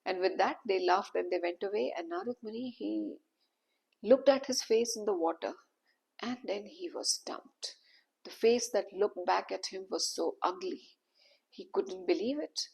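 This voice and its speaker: A woman's voice: mid-range voice, unhurried, creaky, a little mellow, husky. A woman narrating a devotional story with dramatic, emphatic delivery.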